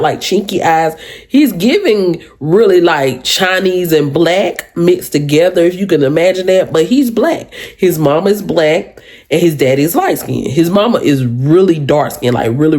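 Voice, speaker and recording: Chatty, lively woman with a deep voice. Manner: animated, chatty, keeps addressing viewers as "y'all". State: sick. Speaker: storytime vlogger. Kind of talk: casual storytelling to viewers.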